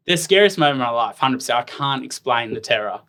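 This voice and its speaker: A man's voice: medium pitch, animated, fast talker, pushed and bright, slight background noise. An Australian man in his thirties, a guest telling stories in a casual interview, rambling with lots of "like" fillers. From Tasmania, Australia. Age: 30s. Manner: rambling, filler-heavy "like" storytelling. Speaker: guest, professional ironman athlete.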